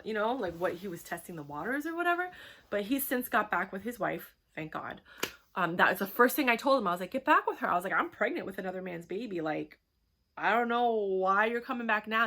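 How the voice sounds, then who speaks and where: A young woman talking frankly in a chatty, animated personal vlog monologue. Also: mid-range voice, gravelly. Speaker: vlogger.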